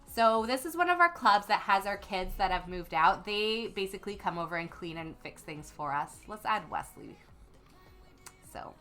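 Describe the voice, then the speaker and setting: A woman's voice: mid-range voice, lively intonation, moderate pace, a bit bright, soft background music. A young woman hosting a casual gaming livestream, chatting and reading viewer comments aloud with lots of ums. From Canada. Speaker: livestream host.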